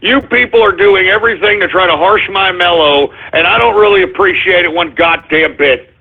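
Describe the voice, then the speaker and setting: A man hosting an internet radio show in a comedic ranting style, exasperated and swinging between low muttering and shouting. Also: moderate pace, vocal fry, breathy edge. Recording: tinny phone-like lo-fi audio.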